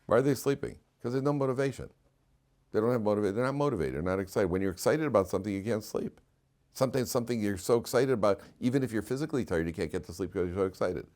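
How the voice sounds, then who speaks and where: A middle-aged rabbi giving a lively storytelling class, his voice sitting a bit low. He laughs through his anecdotes and keeps turning questions back to the room of listeners. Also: quick pace.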